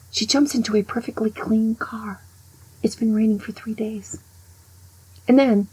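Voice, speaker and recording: An older woman past sixty-five tells a story in a rough, gravelly voice with a very husky, breathy edge. Her tone is mellow and dark. She talks with animation and turns hushed whenever she quotes someone. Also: medium pitch, low-quality recording. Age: over 65. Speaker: vlogger. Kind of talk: storytelling monologue.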